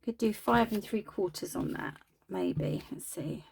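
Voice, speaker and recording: A woman's voice: mid-range voice, expressive, unhurried, vocal fry, darkish tone, a little hiss or hum. A woman chatting casually while crafting, self-deprecating and talking as she works. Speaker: craft video host.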